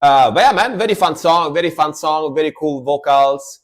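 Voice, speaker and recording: A man's voice: a little high, animated, normal speed. A man streaming live reactions to metal and rock music, talking casually and enthusiastically, repeating his phrases and swearing now and then.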